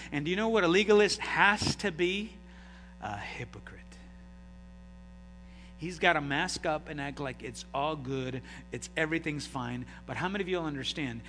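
High, bright-voiced preacher in an echoey hall. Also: male voice, lively intonation, normal speed, soft background music. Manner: call-and-response preaching, dramatic swings in loudness. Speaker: pastor. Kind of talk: sermon.

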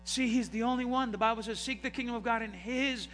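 A middle-aged man preaching a sermon as pastor, animated and full of rhetorical questions. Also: extremely high pitch, fast. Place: church sanctuary. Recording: hall reverb, faint noise.

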